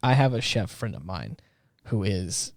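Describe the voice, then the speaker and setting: A man's voice: fairly low pitch, big pitch swings, unhurried, gravelly, no echo, studio quality. A man co-hosting a podcast in casual chat, talking in a rambling way with many restarts. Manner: rambling, lots of fillers and restarts. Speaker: podcast co-host.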